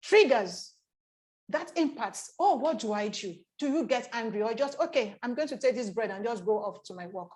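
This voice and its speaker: A woman speaks in a high, bright register as she delivers a motivational talk. She builds her points through repetition and rhetorical questions, and she often voices the inner thoughts of her listeners. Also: lively intonation, normal speed. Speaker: speaker on emotional intelligence.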